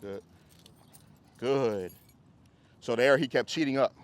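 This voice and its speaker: A man teaching a dog training class outdoors, coaching owners and breaking into high, excited praise for the dogs. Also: slow pace, slight background noise. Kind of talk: hands-on group class instruction.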